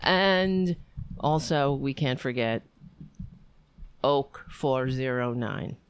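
Sarcastic ranting woman host, slow and dry. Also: very deep voice, slight background noise. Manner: sarcastic, emphatic, rambling. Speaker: show host. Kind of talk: ranting livestream monologue.

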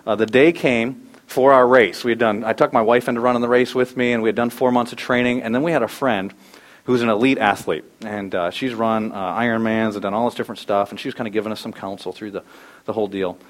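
A middle-aged man preaches to his congregation, moving through a personal story with lively, animated delivery. He acts out the voices of the people in his story. His voice sits in an ordinary middle pitch. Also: fast. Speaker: pastor. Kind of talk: sermon.

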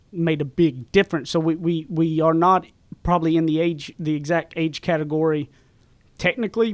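A man's voice: a little high, dry recording. A man in his thirties with a Southern accent, chatting casually on a podcast and rambling through stories. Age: 30s.

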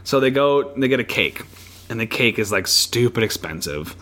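A man co-hosting a podcast, chatting casually and retelling a show with animated storytelling. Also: mid-range voice, normal speed. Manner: animated storytelling with playful impressions. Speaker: podcast co-host.

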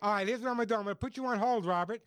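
Man, high voice, radio pet show host, animated folksy chatter, dry close mic. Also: rapid-fire, clean tone, dry recording. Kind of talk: call-in radio chat.

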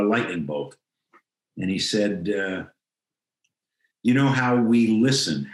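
Older male guest, lowish voice, reflective storyteller, roomy video-call sound. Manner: reflective, acts out quoted dialogue. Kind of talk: telling a personal story in an interview.

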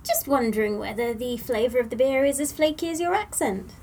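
A woman's voice: a little high, animated, brisk, vocal fry, a little mellow, a little hiss or hum. A woman scientist guest doing comedy improv in a dry, teasing way.

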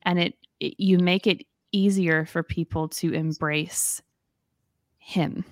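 A woman's voice: lowish voice, fairly even intonation, slow, dry recording, clean studio sound. A woman with a Southern US accent co-hosting a faith podcast, chatty and affirming. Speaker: podcast co-host. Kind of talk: casual faith podcast chat.

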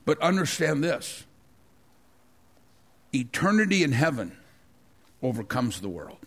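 A man's voice: medium pitch, very animated, a little slow, a bit bright. A middle-aged man preaching a sermon, telling a personal story with frequent stammers, repeated words and restarts. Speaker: pastor.

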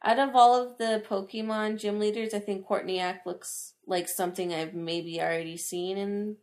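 A woman's voice: mid-range voice, steady tone, normal speed, darkish tone. A young woman co-hosting a podcast, chatting casually in a giggly, playful way. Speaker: podcast co-host. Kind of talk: casual chat.

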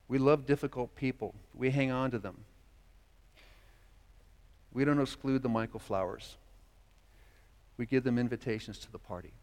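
A man preaching a sermon as pastor, earnest, voicing quoted dialogue as he speaks. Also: medium pitch. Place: church sanctuary. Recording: long church reverb.

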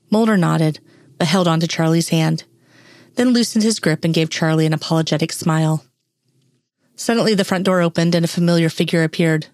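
A woman narrates a story in a steady, even way. Her voice sits on the low side. The sound is dry and close, with no room around it. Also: no echo. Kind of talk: reading fan fiction aloud.

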